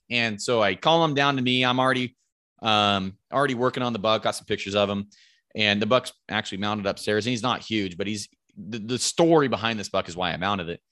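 Bright-voiced man telling a rambling hunting story. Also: on the low side, brisk, no room sound, studio quality. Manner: rambling, profane, quotes friends in raised voices. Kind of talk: casual storytelling about hunting.

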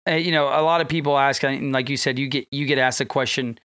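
A man's voice: mid-range voice, fairly even intonation, fast, fairly bright tone, clean tone, no echo. A man with a mid-range voice hosts a podcast and asks friendly, winding questions padded with fillers. He is recorded up close in a dry room. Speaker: podcast host. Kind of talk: casual podcast interview. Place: podcast studio.

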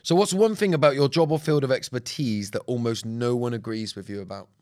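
A man's voice: medium pitch, fairly quick. A man with a British accent co-hosting a podcast in casual chat, telling stories animatedly and mimicking others. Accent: British English. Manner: animated storyteller, slips into others' voices when retelling. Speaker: podcast co-host.

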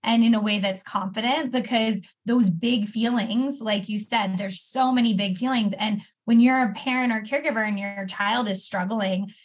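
Breathy woman therapist explaining calmly. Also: mid-range voice, moderate pace, hardly any pauses. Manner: warm explanatory, walks through steps with examples. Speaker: therapist guest. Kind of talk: conversational podcast interview.

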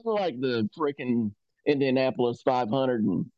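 A man co-hosting a hunting podcast, telling stories in a laid-back, drawn-out way. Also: medium pitch, dry recording. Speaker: podcast co-host. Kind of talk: casual storytelling chat. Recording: dry, slightly dull audio.

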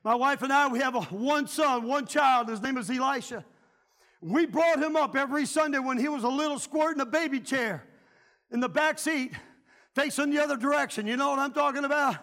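A middle-aged male pastor, preaching a revival sermon fervently, often shouting. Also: very high voice, fairly quick. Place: church sanctuary.

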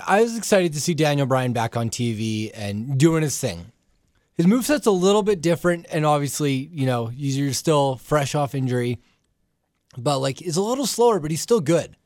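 A man's voice: on the high side, animated, normal speed, a little mellow, no room sound, clean studio sound. A young man in casual chat, rambling through his opinions with lots of fillers. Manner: rambling, lots of likes and restarts. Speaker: podcast co-host.

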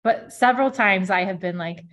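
A woman's voice: mid-range voice, normal speed, fairly bright tone. A woman guest on a casual podcast, speaking candidly and laughing easily.

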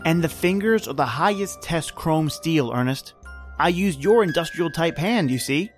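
An actor playing a tired, secretive young inventor who is terse and defensive, in a radio drama. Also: male voice, on the high side, animated, moderate pace, faint music behind, natural voice.

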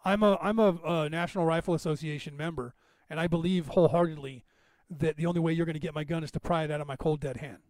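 A man's voice: a little high, fairly even intonation, fast, a little mellow. A man hosting a podcast, talking in a rambling, emphatic way and calling out listeners by name. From Northern California. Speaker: podcast host. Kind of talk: casual monologue to listeners.

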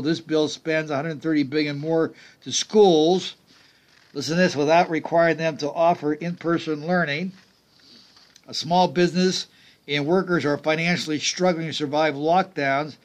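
A middle-aged man hosting a political talk radio show, delivering emphatic commentary with sarcastic, mocking asides. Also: fairly high pitch.

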